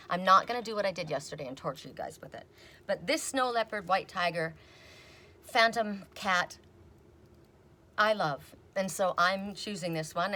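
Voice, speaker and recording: A middle-aged woman reading oracle cards in a casual, rambling chat, telling stories and quoting people in animated voices. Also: medium pitch, slight background noise. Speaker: oracle card reader. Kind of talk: casual chatty video reading.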